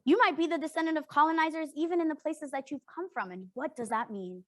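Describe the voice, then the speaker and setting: A young adult woman from Canada leading an interactive workshop, speaking earnestly and emphatically and often checking in with a quick "right?". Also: high voice, a bit bright, dry recording. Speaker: workshop facilitator.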